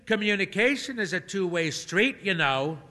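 A man's voice: high voice, animated, moderate pace, bright, forceful tone, long reverb tail, pitched above the performer's own voice. Man doing Mabel, a gushing old lady. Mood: pushy.

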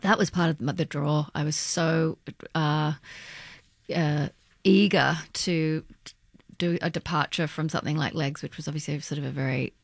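This is a woman from Australia, an actor talking about her work in an interview. Her voice sits low and has a gravelly rasp. She hesitates and restarts often, and the sound is dry and close. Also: fairly even intonation, no room sound. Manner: halting, hesitant, with many restarts. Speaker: guest actor. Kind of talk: casual interview talk.

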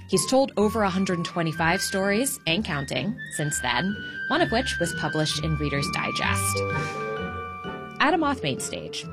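A woman hosting a storytelling radio show, reading a calm, measured script. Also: fairly low pitch. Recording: studio voice-over with music bed.

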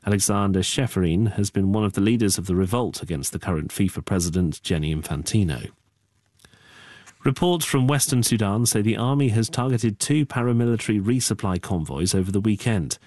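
A man with a low voice reads the news bulletin in a measured, formal manner. The sound is dry and close, like a studio booth with no room echo. Each item is delivered evenly and crisply. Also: darkish tone. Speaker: newsreader.

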